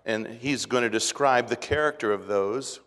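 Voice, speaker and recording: A middle-aged pastor preaching a sermon in a folksy, conversational way, with restarts and rising emphasis. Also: male voice, medium pitch, normal speed, fairly bright tone, long reverb tail.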